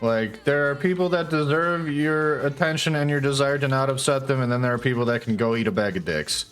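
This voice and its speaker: A man's voice: mid-range voice, brisk, fairly bright tone, soft background music. A young man in casual stream chat, giving blunt, supportive advice and swearing casually.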